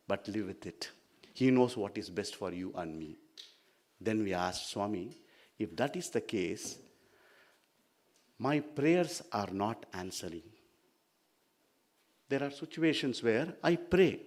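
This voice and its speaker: A man giving an earnest devotional talk, explaining with emphasis and stories. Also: lowish voice. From India. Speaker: spiritual speaker.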